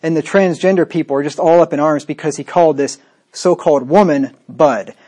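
A man's voice: fairly high pitch, fairly quick, mellow. A man preaching a sermon in a scornful, combative way, with frequent rhetorical asides to the listener.

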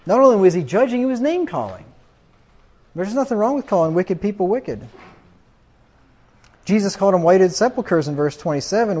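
A man preaching a sermon, quoting scripture emphatically and getting louder on the quotes. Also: high-pitched, animated, moderate pace, long pauses. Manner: emphatic, rises loud when quoting scripture. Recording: dull lo-fi recording.

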